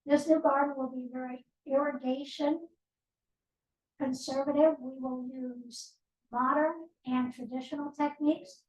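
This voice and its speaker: High-voiced woman in an echoey room. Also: steady tone, unhurried, darkish tone, far from the mic. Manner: plain explanatory, with asides. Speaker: guest speaker, nonprofit board president. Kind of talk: presentation at a team meeting. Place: office meeting room. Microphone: distant room microphone.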